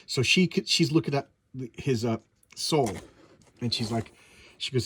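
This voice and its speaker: A man's voice: medium pitch, moderate pace, fairly bright tone, a little hiss or hum. A man recapping a comic book in a casual, enthusiastic, rambling way, with many restarts.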